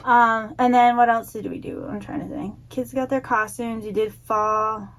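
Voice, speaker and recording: A woman's voice: fairly high pitch, lively intonation, normal speed, fairly bright tone. A woman in her thirties co-hosting a casual podcast, teasing her partner, laughing often and listing things as she recalls them. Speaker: podcast co-host. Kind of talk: casual chat.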